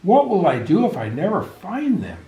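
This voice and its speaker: A man's voice: sits high, huge pitch swings, normal speed, warm tone, voice pushed up, exaggerated voice. A man voicing an anxious little female puppy who talks in a worried, whimpering way. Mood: distressed. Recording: echoey room.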